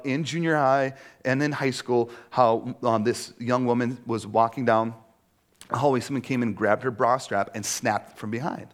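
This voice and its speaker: A middle-aged man preaching to his church as pastor, in a conversational sermon style. His pitch swings widely as he acts out little quoted exchanges, and he keeps checking in with a rhetorical "right?".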